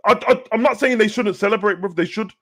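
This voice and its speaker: Animated slangy Birmingham man. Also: high voice, fast. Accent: Birmingham English. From Birmingham, England. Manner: animated, slangy, repeats "bruv". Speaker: co-host. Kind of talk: casual football chat.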